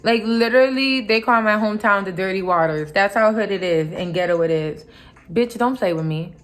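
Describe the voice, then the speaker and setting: A woman's voice: mid-range voice, brisk. A young woman vlogger retelling a workplace clash in a heated, casual storytime, full of asides and mock quotes.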